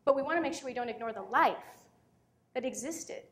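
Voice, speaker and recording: A woman's voice: on the high side, a little fast. Earnest woman telling a personal story. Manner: earnest, storytelling, turns emotional. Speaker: speaker on parenting. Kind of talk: personal talk to an audience.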